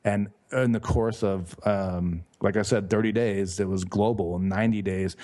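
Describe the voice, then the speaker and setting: A man's voice: on the low side, fairly even intonation, moderate pace, dark tone. A man being interviewed as a guest author and life coach, talking in a rambling, enthusiastic way and often correcting himself mid-sentence. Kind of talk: casual podcast interview.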